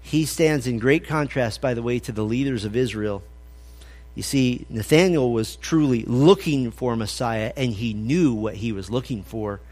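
A man's voice: medium pitch, normal speed, darkish tone. A man preaching an expository sermon, conversational and emphatic as he quotes scripture. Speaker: pastor.

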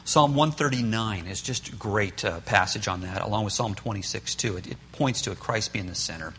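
A man's voice: fairly low pitch, a little fast, a bit bright, a little hiss or hum. A man teaching a church parenting class in an earnest storytelling manner, often acting out what parents and children say. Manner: earnest storytelling, acts out quotes. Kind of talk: sermon-style parenting class.

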